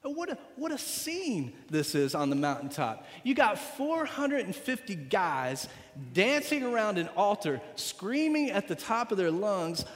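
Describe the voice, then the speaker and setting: A man preaching a sermon, retelling a story with dramatic swings between loud and hushed delivery and repeating phrases for emphasis. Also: on the high side. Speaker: pastor. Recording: long reverb of a large hall.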